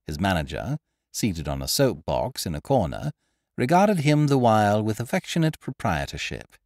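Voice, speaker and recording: A man narrating a classic story as a podcast host, with expressive, scripted storytelling on a studio microphone. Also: on the low side, moderate pace, no room sound.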